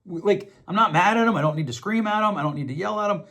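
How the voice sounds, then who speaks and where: A man's voice: sits high, fast talker, bright, forceful tone. A middle-aged man hosting a podcast, talking earnestly through relationship advice in a reflective monologue, often restarting and repeating himself. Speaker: podcast host.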